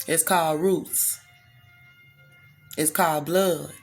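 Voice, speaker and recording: A woman from the United States vents in a blunt, profane, heated monologue to her audience. Her voice is low and gravelly with a rough edge of fry, and she pushes every point hard. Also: fairly even intonation, slow, soft background music. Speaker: vlogger. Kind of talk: impassioned direct-to-camera rant.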